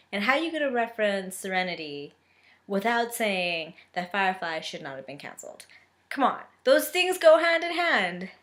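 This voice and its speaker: A woman's voice: medium pitch, a bit bright. A young woman reading a romance novel aloud, breaking off for sarcastic asides. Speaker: book reader and reviewer. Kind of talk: casual book reading with commentary.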